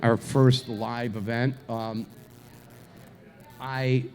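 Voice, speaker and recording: A man's voice: medium pitch, level tone, very slow, darkish tone, clear, resonant tone. A man co-hosting a live show, telling a rambling story with crude jokes and lots of restarts. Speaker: co-host. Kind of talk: casual live show banter. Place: live event venue.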